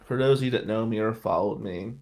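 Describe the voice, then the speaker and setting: This podcast host, a middle-aged attorney from Atlantic City, New Jersey, speaks a little fast in a fairly low, creaky voice with a darkish tone. He sounds exhausted while telling stories in a profane, ranting casual monologue.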